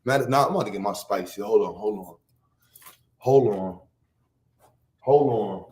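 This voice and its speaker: A man from Harlem, hosting a casual livestream rant full of profane, boastful street slang and loud bursts. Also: lowish voice, moderate pace. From Harlem, New York. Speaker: livestream host.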